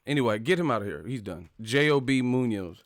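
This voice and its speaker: A man hosting a live chat stream, talking casually and trash-talking commenters with loud bursts and laughs. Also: medium pitch, expressive, brisk, no room sound, studio quality. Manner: brash trash talk, frequent laughing.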